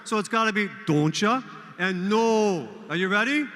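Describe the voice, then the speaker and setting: A man's voice: sits high, normal speed, a little hiss or hum. An older man, hosting a volunteer event and leading a crowd in cheers. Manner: energetic, leads call-and-response cheers. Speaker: event emcee. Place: large hall with a crowd. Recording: echoey hall.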